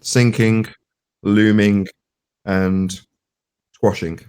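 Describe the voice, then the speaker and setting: A man's voice: fairly low pitch, little pitch movement, very slow, darkish tone, clean tone, no room sound. Dry-sounding guy hosting a stream, blunt and sarcastic, quizzes the caller. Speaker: stream host. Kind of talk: casual debate.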